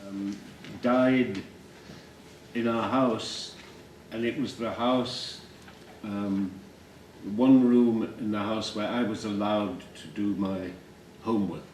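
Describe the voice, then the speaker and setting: A man with a Yorkshire accent, reading his own poems aloud and commenting between them in a measured, deliberate way. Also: fairly low pitch, fairly even intonation, a little mellow, a little hiss or hum. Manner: slow, measured, deliberate delivery. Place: library reading room. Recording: roomy hall, distant mic, faint ambience.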